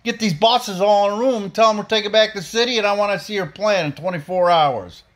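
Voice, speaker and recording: A man's voice: high voice, fairly quick. A man delivering a blunt, profane, heated opinion rant as a podcast host.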